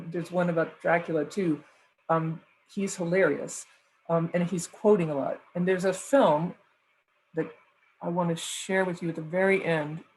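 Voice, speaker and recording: A woman's voice: on the low side, a little mellow, a little hiss or hum, rough recording. A woman professor giving a mock lecture over a video call, loose and conversational, thinking aloud.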